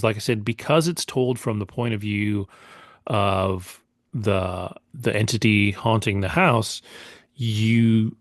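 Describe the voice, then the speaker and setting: A man talks through a film review in loose, casual podcast chat, with plenty of fillers and restarts. His voice sits fairly low. The sound is dry and close, with no room around it. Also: dry recording. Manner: rambling, many fillers and restarts. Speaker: podcast co-host.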